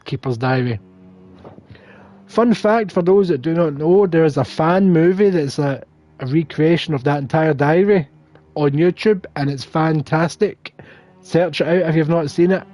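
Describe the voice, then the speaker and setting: A man's voice: fairly high pitch, a little slow, warm tone, soft background music. A man hosting a gaming livestream, chatting casually and self-deprecatingly as he thinks aloud through the game. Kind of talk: casual gameplay commentary.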